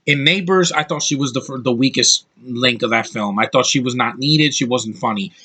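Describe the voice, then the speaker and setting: A man talks through his take on a movie in an unscripted, opinionated ramble. He often cuts himself off and starts his sentences over. His pitch sits in the ordinary middle range for a man. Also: normal speed, sharp tone, breathy edge. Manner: rambling and opinionated, with frequent restarts. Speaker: movie reviewer. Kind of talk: casual film review.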